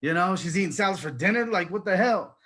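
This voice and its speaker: 男声，音调偏高，生动讲段子的单口喜剧演员. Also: male voice, high-pitched, fast. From Texas. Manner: animated storytelling, swings loud and soft in quoted exchanges. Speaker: stand-up comedian. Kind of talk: stand-up comedy set.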